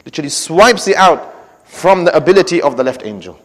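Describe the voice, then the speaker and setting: A man's voice: fairly high pitch, animated, a bit bright. Earnest preacher man in a reverberant hall. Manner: earnest storytelling, recites scripture in quick chant. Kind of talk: sermon.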